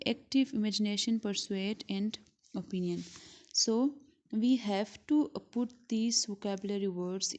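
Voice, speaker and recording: A woman teacher from Pakistan giving a school lesson, speaking slowly and repeating words syllable by syllable. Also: mid-range voice, warm tone. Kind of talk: recorded classroom lesson. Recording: dull lo-fi recording.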